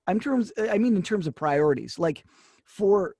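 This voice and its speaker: High-pitched man in his forties, dry sound. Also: lively intonation, dark tone, husky, dry recording. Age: 40s. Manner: halting, restarts, joking banter. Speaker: podcast co-host. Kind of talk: casual podcast chat.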